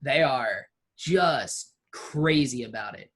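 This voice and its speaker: Slow, rambling game master. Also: medium pitch, expressive, fairly bright tone. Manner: unhurried, full of ums and restarts. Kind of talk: narrating a tabletop game.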